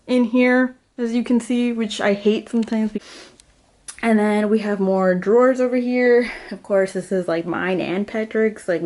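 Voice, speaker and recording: Her voice sits a little high and sounds a little mellow. A young woman walks room to room through her small rented home, giving a laid-back house tour for her vlog, giggling, chatting, saying "like" constantly, and slightly winded as she goes.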